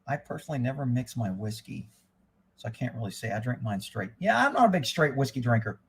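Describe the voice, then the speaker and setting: A man's voice: medium pitch, sing-song, brisk, husky. A middle-aged man hosting a live stream, reading headlines aloud and ranting about them with heavy profanity. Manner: reads news headlines then reacts. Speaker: livestream host.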